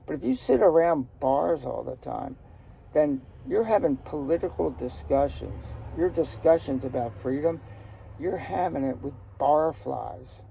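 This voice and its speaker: An older man with a gravelly, warm, husky voice on the high side tells stories from his life in a rambling, joking, outspoken way. This casual personal storytelling was recorded outdoors in a garden.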